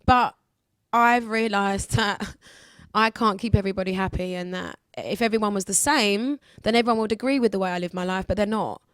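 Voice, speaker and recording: A woman's voice: medium pitch, fairly quick, few pauses, no echo, studio quality. Candid woman in her twenties. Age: 20s. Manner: candid, lively, acts out other people's voices. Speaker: guest singer. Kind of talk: casual radio interview chat.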